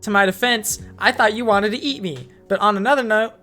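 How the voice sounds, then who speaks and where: A woman's voice: medium pitch, brisk, fairly bright tone, soft background music, pitched above the performer's own voice, natural voice. A woman voicing a nervous young man reborn as a small raptor in a read-aloud fanfic. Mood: sheepish.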